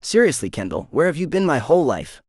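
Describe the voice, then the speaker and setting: Easygoing flirty shifter guy, voiced by a man, lively teasing delivery, dry close mic. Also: fairly high pitch, quick pace, breathy edge, no echo. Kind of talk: audiobook character voice.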